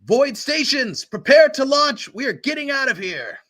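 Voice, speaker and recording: A man's voice: a little high, expressive, moderate pace, sharp tone. A man voicing a commanding woman ship officer who barks urgent orders to her crew in a tabletop game.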